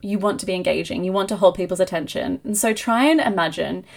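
Energetic woman hosting a coaching podcast. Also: medium pitch, quick pace, creaky. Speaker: podcast host and marketing coach. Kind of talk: solo podcast monologue.

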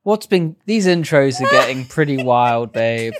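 A man's voice: medium pitch, animated, a little slow, very noisy. A young British man co-hosting a casual podcast, with a dry, understated, laid-back way of talking. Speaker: podcast co-host and editor.

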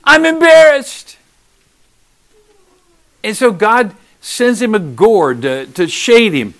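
A man preaching a sermon, emphatic, swinging between loud urging and hushed asides. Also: high-pitched, sing-song, a little slow.

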